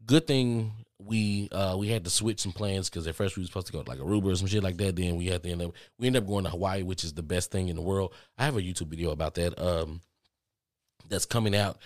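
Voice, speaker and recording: A man vlogging, telling a story casually to his viewers with lots of cursing and animated asides. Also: sits low, quick pace, dry recording, studio quality. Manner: profane, animated, talks straight to viewers.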